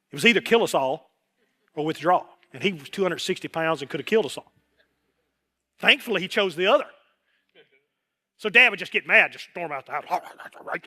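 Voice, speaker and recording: A middle-aged man preaching a sermon as pastor, animated, acting out voices and quotes as he goes. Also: fairly high pitch. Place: worship hall.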